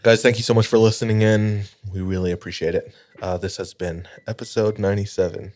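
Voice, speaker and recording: A man in his early thirties from Hawaii, co-hosting a podcast and telling a story in a relaxed, rambling way. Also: lowish voice, brisk. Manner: laid-back storytelling with fillers. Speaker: podcast co-host. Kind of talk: casual chat.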